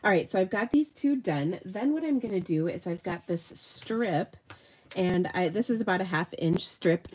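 A woman's voice: on the low side, lively intonation, moderate pace, a little mellow, slightly rough. Chatty woman crafter, slightly nasal. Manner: chatty, self-deprecating, thinking aloud while working. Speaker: card-making tutorial host. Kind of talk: live crafting demonstration.

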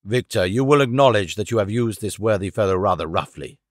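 A man voicing an anxious older father who talks in a soft, nervous, pleading way. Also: lowish voice, animated, fairly quick, no echo, studio quality, pitched below the performer's own voice, close to an everyday voice. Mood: placating. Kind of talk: audiobook character reading.

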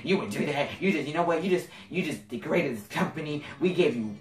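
A man's voice: fairly high pitch, animated, fairly quick, echoey room, far from the mic, soft background music, pitched above the performer's own voice, close to an everyday voice. A young man voicing a stern, self-righteous female store manager who scolds an employee. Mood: scolding.

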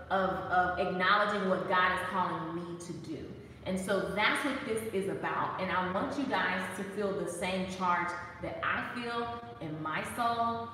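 A woman giving a casual, animated devotional talk, playful and preachy and full of laughs. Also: mid-range voice, heavy reverb, in a large hall, distant mic, a little hiss or hum, poor audio. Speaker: faith talk host.

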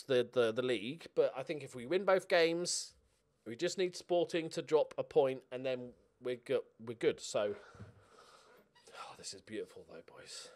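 A man giving casual, excitable commentary while he plays a football management game at home, swearing and cheering at the match. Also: on the high side. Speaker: gaming YouTuber. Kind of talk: casual let's-play commentary.

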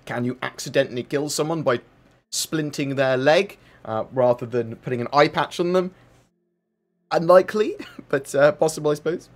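A man's voice: a little high, a little fast. A man hosting a casual livestream, reading out viewer questions and answering in a rambling, chatty way with plenty of fillers. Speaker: livestream host.

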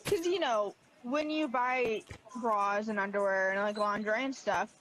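A woman's voice: mid-range voice, normal speed, a bit bright, poor audio. A woman co-hosting a let's play, chatting in a rambling way full of "like". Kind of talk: casual gaming banter.

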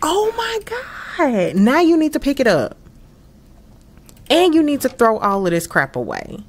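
A young woman giving casual gameplay commentary, expressive and exclaiming often as she talks to her viewers. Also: a little high, moderate pace, a little hiss or hum. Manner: frequent laughs. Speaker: gaming channel host.

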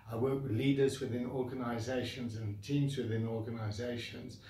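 A man's voice: mid-range voice, darkish tone, roomy sound, distant mic, a little hiss or hum. A man with a South African accent who founded a coaching academy, bluntly venting his frustration straight to the camera with sighs and repeated complaints. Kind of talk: direct-to-camera rant.

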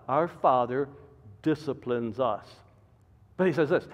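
An older man, a pastor, preaching a sermon with sudden loud emphatic bursts and soft asides. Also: mid-range voice, expressive, normal speed. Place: church sanctuary. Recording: dull reverberant church recording.

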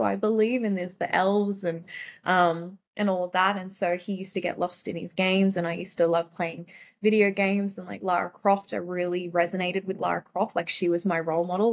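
A young adult woman, a guest in a casual conversation, speaking softly and haltingly with many fillers. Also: lowish voice.

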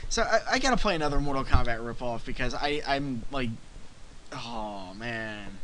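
A man's voice: medium pitch, lively intonation, moderate pace, a bit bright, a little hiss or hum, poor audio. Exasperated man doing a sarcastic rant. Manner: exasperated, sarcastic, repetitive ranting. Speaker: parody game reviewer. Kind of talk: satirical rant as an angry fanboy.

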